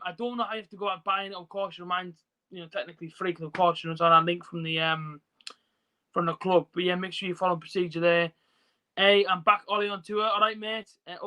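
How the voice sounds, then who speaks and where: A man hosting a casual football watch-along stream, talking into his phone and reading out viewers' comments. His voice sits high and sounds bright and forceful, and his talk is loose and chatty, full of fillers. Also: clean tone, rough recording. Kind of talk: casual live stream chat.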